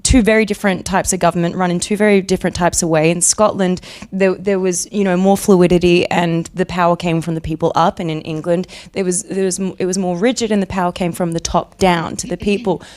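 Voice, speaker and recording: An Australian woman, an actress, chatting casually as an interview guest, bubbly and quick to laugh. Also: on the low side, steady tone, darkish tone.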